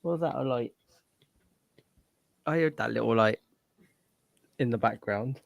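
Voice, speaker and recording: A man hosting a casual group chat, relaxed and chuckling. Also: medium pitch, a little slow, gravelly, no room sound, muffled recording. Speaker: channel host.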